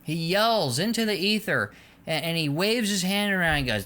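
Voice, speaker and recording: A man's voice: sits high, animated, moderate pace, bright, forceful tone. A man delivering a long, heated political rant to camera, sarcastic and mocking toward imagined critics. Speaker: political commentator.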